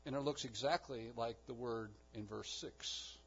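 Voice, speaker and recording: A man preaching a sermon with emphatic delivery, rising to loud declarations and dropping to hushed low lines. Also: a little slow, slightly rough, highs cut off. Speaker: pastor.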